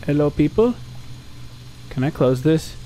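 Brief: young male let's-player, lively pitch, slow drawl, jumpy yelps, noisy game audio under him. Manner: jumpy, talks back at the game, yelps and shouts. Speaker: gameplay commentator. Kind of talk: let's play commentary.

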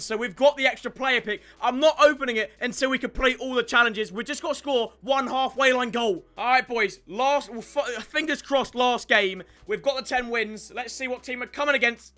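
Excitable young gamer, high bright voice. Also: male voice. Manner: excitable, shouts in bursts, stammering restarts. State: tired late at night. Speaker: gaming YouTuber. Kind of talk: excited gameplay commentary.

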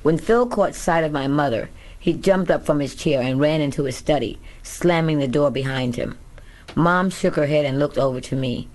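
A woman's voice: low voice, moderate pace, a little mellow. Woman reading her own memoir. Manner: candid, first-person storytelling. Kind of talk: audiobook memoir narration.

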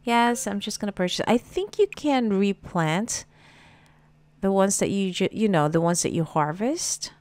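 A woman's voice: medium pitch, animated, a little slow, a little mellow, dry recording. A woman giving casual gameplay commentary, chatting to her game characters with plenty of fillers. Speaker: gameplay streamer.

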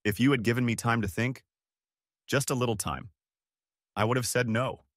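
A man's voice: medium pitch, fairly even intonation, moderate pace, no room sound, clean studio sound, natural voice. A man reading an angry, accusing wife. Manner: snarling, accusing.

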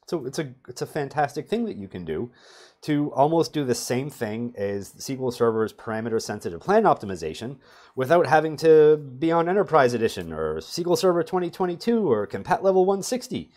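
A man's voice: medium pitch, big pitch swings, fairly quick, darkish tone. A middle-aged man teaching a database tutorial over a screen share, talking casually with sardonic, self-mocking humor. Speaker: database performance trainer.

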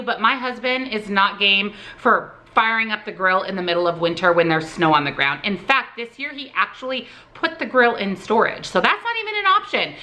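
A woman in her thirties, chatty and upbeat, talking through her favorite products at home. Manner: chatty and upbeat, with lively pitch jumps. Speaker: vlogger.

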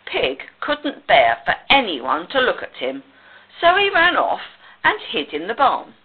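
Slow, highly expressive woman storyteller. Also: husky. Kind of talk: picture book read-aloud. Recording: tinny phone-like sound.

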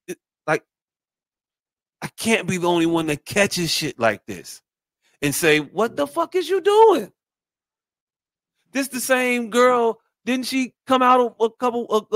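Male podcast co-host, high-pitched, animated and profane, dry close mic. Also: no echo. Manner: animated, profane, mocking put-on voices. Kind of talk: casual podcast chat.

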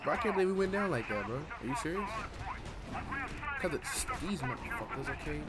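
A young man giving loud, playful gameplay commentary, swearing and shouting at the game. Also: on the high side, big pitch swings, fairly quick. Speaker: gamer streamer.

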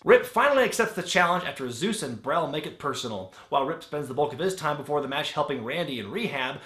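A man giving a sarcastic, comedic movie review with sudden shouted outbursts. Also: fairly high pitch, reverberant. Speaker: wrestling film reviewer.

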